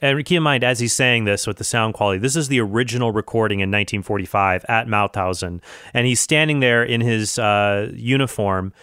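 Man, commentator, smooth dry close voice, casual and thoughtful. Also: fairly low pitch, fairly quick, fairly bright tone, no room sound. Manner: thoughtful, with fillers and self-corrections. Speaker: commentator reviewing a film.

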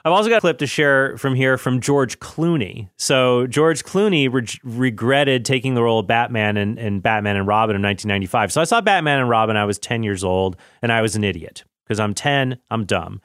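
A man's voice: mid-range voice, fairly quick, fairly bright tone, no echo, studio quality. A man in his thirties casually talking about films, chatty and self-correcting, often laughing at himself. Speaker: film commentary host. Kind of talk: casual film commentary.

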